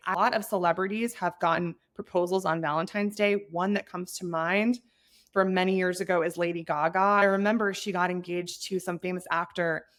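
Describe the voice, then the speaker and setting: A woman in her thirties hosting an advice podcast, talking in an earnest, chatty way that turns emotional at times. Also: medium pitch. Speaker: podcast host.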